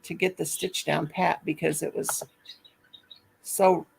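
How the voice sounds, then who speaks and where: A woman's voice: low voice, level tone, slow, creaky, background noise. An older woman hosting a livestream, talking in a chatty, affectionate and scattered way. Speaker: livestream host. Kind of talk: casual chat.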